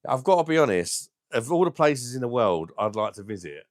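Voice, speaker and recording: A man hosting a live stream, chatting casually and bluntly with viewers, crude and quick to laugh at his own jokes. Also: medium pitch, big pitch swings, no room sound, clean studio sound. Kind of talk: casual live chat reading viewer comments.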